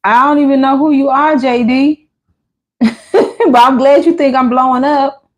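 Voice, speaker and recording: A woman's voice: sits high, normal speed, muffled recording. Chatty woman livestream host telling stories. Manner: chatty storytelling with lively voiced asides. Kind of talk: casual chat reading live comments.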